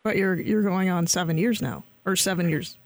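High-voiced exclaiming male host. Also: moderate pace, no echo. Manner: reactive, exclaiming interviewer. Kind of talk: podcast interviewing.

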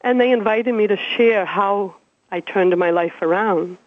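A woman's voice: medium pitch, unhurried, no room sound. Chatty woman in her fifties on a phone-line. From Massachusetts. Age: 50s. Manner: chatty, animated, laughs while telling stories. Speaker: interview guest. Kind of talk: casual storytelling. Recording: dry, tinny phone-like radio sound.

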